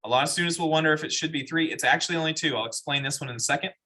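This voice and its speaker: A man's voice: fairly high pitch, rapid-fire, sharp tone. A man teaching a math class, explaining step by step and asking the students questions. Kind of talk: classroom lecture.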